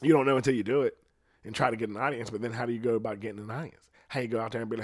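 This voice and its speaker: A man's voice: mid-range voice, animated, quick pace, breathy edge, no room sound, clean studio sound. A young man hosting a podcast, talking in a casual, profane, rambling way and laughing at himself now and then. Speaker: podcast host.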